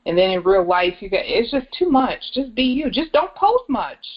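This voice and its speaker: A woman's voice: a little high, sing-song, normal speed. A woman in her thirties, a podcast co-host, talking bluntly in casual chat, cursing and laughing often. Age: 30s. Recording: muffled lo-fi podcast recording.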